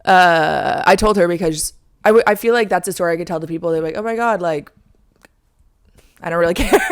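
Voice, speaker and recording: A young woman hosting a podcast, telling a story in a chatty, dramatic way, full of "like" and acted-out lines. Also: lowish voice. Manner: chatty, heavy use of "like", dramatic re-enactments. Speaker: podcast host. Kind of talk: casual storytelling monologue.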